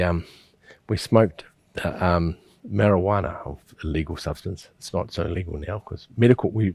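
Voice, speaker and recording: A man's voice: deep voice, darkish tone, no room sound. A middle-aged man, teaching a qigong class and telling rambling stories with chuckles and restarts. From New Zealand. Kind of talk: instructional class with personal storytelling.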